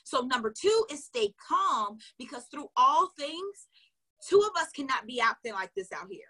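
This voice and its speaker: A woman sales coach speaks directly to her online video viewers, giving casual, emphatic motivational advice while chatting and laughing often. Her voice is high-pitched, sing-song, bright and forceful, delivered at a moderate pace.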